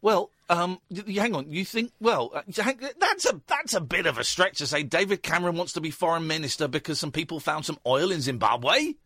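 A man's voice: on the high side, lively intonation, a little fast, hardly any pauses, pushed and bright, no echo, clean studio sound. An English man hosting a late-night call-in radio show, joking and teasing his callers. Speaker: radio host. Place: radio studio.

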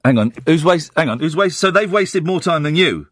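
A man's voice: on the high side, a little fast, no room sound, studio quality. A man hosting a radio show, chatting casually and playfully with his guest. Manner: playful, lively interjecting. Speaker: radio host.

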